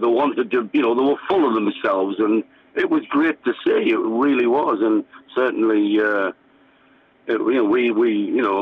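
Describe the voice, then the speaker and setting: An older man from England, a former band musician, reminiscing in a radio interview, rambling with many fillers and restarts. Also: medium pitch. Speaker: guest musician. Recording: tinny phone-line radio sound.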